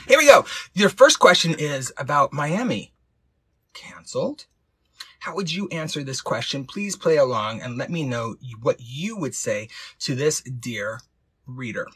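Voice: mid-range voice, unhurried, fairly bright tone, husky. A host of a live-streamed advice show, talking in a campy, playful, sassy way and calling viewers honey and babes. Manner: sassy, teasing quips.

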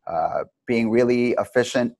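A middle-aged man, a martial arts teacher, telling long anecdotes in a rambling, animated way with many restarts. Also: mid-range voice, measured pace, vocal fry, no echo. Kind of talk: casual storytelling interview.

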